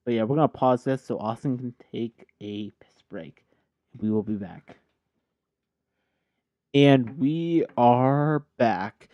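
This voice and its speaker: Having had a few drinks, this podcast host talks at a normal speed in a lowish voice. He rambles and keeps correcting himself in a casual chat, and the sound is dry, dull and lo-fi.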